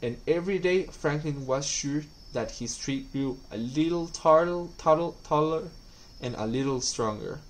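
A man reading a children's storybook aloud at a school, calm and clear. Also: fairly high pitch, normal speed, rough recording. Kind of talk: scripted narration.

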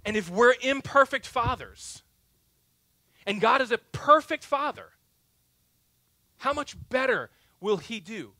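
Lively, bright-voiced man preaching a sermon. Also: very high voice, slow pace, pauses often, no room sound. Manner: storytelling, self-mocking humor, swings between loud and hushed. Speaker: pastor. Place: church sanctuary.

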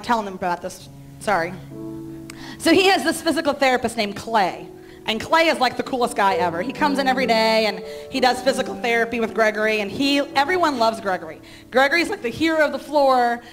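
A woman's voice: a little high, lively intonation, a little fast, a bit bright, soft background music. Earnest woman pastor sharing a story. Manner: earnest storytelling, acting out quoted dialogue. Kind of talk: personal sermon story. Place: church sanctuary.

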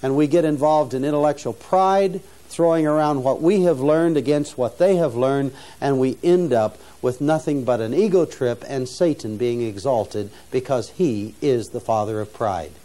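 A man's voice: mid-range voice, normal speed, few pauses, mellow. An older man giving an earnest, preacherly teaching talk to students, often restarting phrases and rising to stress key points. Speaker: mission founder teaching students. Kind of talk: sermon-style teaching talk.

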